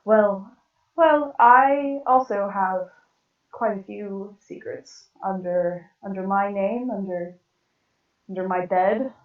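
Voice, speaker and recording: A woman's voice: medium pitch, slow pace, echoey room, recorded from a distance, phone-quality sound, natural voice. A woman voicing a refined, prim lady.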